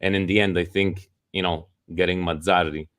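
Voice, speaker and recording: A man with a low voice talks football on a podcast, animated and quick to swear. The sound is dry and close, with little room to it. He keeps the chat loose and casual. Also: clear, resonant tone, no room sound. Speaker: podcast co-host. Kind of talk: casual sports talk.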